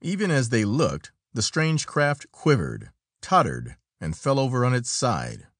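A man's voice: mid-range voice, no room sound, studio quality. A man narrating an adventure story as an audiobook, in dramatic storytelling style. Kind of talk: scripted narration.

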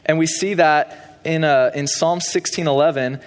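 Young guy preaching casually, lots of you know, highish voice, echoey church hall. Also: steady tone, moderate pace. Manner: conversational preaching, frequent fillers. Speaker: pastor. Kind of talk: sermon. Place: church sanctuary. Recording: long hall reverb.

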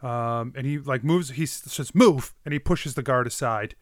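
A man's voice: mid-range voice, normal speed, a bit bright, no echo. Guy game-mastering a tabletop game, middle voice, dry close sound, lots of ums. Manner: descriptive, with frequent fillers.

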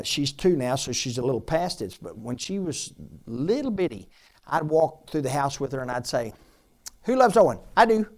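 A pastor preaches a sermon at a medium pitch, pressing the room with rhetorical questions. He moves back and forth between loud appeals and soft asides.

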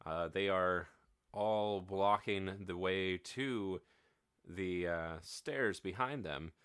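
A man hosting a tabletop role-playing show, giving announcements and narrating as game master in a relaxed way with many filler words. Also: low voice, slow pace, smooth, no echo, clean studio sound.

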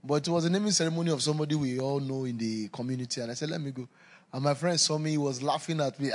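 A man preaching a sermon, telling stories with laughter and swinging between loud emphasis and quiet asides. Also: a little high, lively intonation, a little fast.

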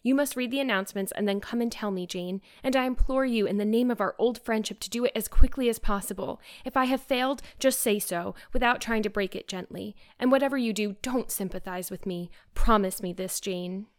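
Storybook: woman reader doing an effusive teenage girl, earnest, mid-pitched. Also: a little fast, few pauses, close to an everyday voice. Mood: anxious. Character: eager, dreamy teenage girl. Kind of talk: audiobook character reading.

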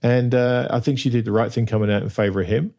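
A man's voice: mid-range voice, fairly even intonation, fast, vocal fry, dark tone. A man co-hosting a casual talk show, emphatic and arguing his points step by step, often checking in with "right?". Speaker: podcast co-host. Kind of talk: casual chat.

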